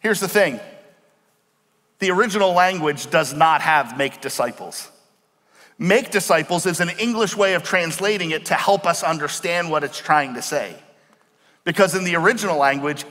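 A man preaching a sermon as pastor, explaining words slowly and asking the congregation questions. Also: fairly high pitch, sharp tone. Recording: long hall reverb.

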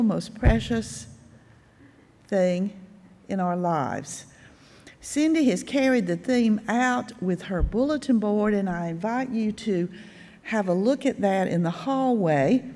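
An older woman delivers a sermon, unhurried and gently humorous, speaking at a very slow pace. Her voice rings with a long reverb through the church sanctuary. She sits at a middle pitch. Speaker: lay speaker.

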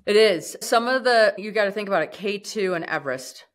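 A woman guest on an interview podcast, telling her story in a lively, casual way. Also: mid-range voice, fairly quick. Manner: animated, acts out quoted speech; casual, fillers like "like". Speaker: guest, mountaineer.

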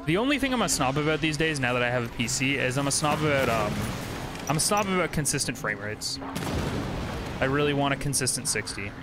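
A man's voice: mid-range voice, big pitch swings, fairly quick. A young man streaming a video game, chatting with viewers and swearing freely as he plays. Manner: swears freely, chats to viewers while playing. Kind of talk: casual gameplay commentary with chat. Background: game music and sound effects.

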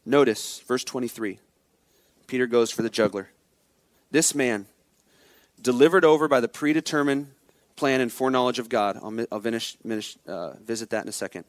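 Male pastor, expository preaching, emphatic then hushed, dry close sound. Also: mid-range voice, animated, moderate pace, dry recording. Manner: emphatic preaching, swings from loud exhortation to quiet intensity. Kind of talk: expository sermon.

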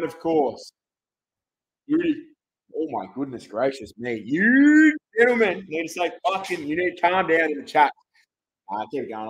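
Brief: young Aussie male streamer, high-pitched, rowdy announcer hype, swears freely. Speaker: livestream card-break host. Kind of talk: hyped livestream commentary.

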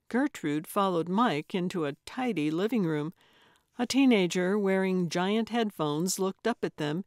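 A woman narrating a cozy mystery audiobook in a measured, unhurried reading. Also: mid-range voice, no room sound, clean studio sound. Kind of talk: scripted narration.

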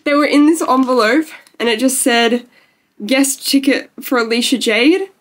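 A young woman talks straight to her camera in an excited, gushing rush, filling her sentences with "like". Her voice sits a little high and sounds close to tears. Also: normal speed. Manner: gushing, emotional, lots of "like". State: tearful. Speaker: vlogger. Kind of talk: casual talking-to-camera vlog.

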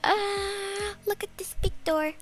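A woman commenting on her own video game play, excitable and quick to gasp and shriek in fright. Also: extremely high pitch, soft background music. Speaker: gaming channel host. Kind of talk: Roblox gameplay commentary.

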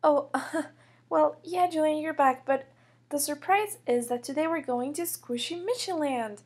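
Kindergarten teacher voiced by a woman, toy story, calm, coaxing, motherly, high voice. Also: measured pace.

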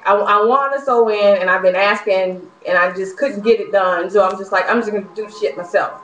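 A woman's voice: mid-range voice, brisk, few pauses, fairly bright tone. A young woman venting in a casual vlog, frustrated and worked up, ranting with profanity and nervous laughs. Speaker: vlogger. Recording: echoey room, faint noise.

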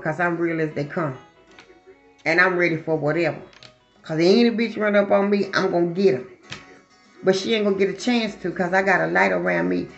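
A woman's voice: on the low side, lo-fi sound. A woman who talks bluntly and swears freely, chatting casually to her viewers before she does a psychic reading. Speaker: psychic reader.

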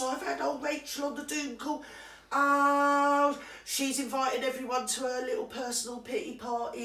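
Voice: high-pitched, a bit bright, far from the mic, heavily acted. A performer playing a nosy, cheeky older woman who gossips about a friend, chatty and confiding. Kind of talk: comic character monologue to camera. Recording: roomy sound from away from the mic.

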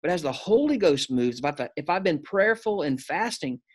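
A man's voice: a little high, expressive, moderate pace, slightly rough. Emphatic preacherly man. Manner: emphatic, preacherly, says "listen" often. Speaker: pastor and preaching teacher, guest. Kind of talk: casual interview conversation.

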